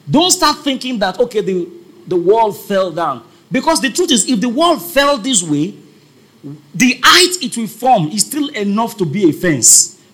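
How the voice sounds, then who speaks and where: A man's voice: sits high, fairly bright tone. A man preaching a sermon, emphatic, repeating his points and calling on the congregation to respond.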